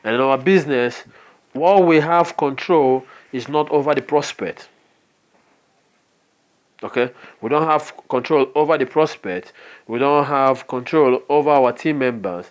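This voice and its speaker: A man's voice: medium pitch, unhurried. A man with a Nigerian accent giving a motivational business training talk, earnest and often checking in with "okay?". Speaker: network marketing trainer.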